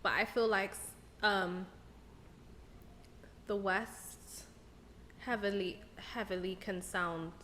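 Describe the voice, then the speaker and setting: Soft-trailing woman thinking aloud. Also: medium pitch, steady tone, slow, pauses often, a little hiss or hum. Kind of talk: casual interview chat.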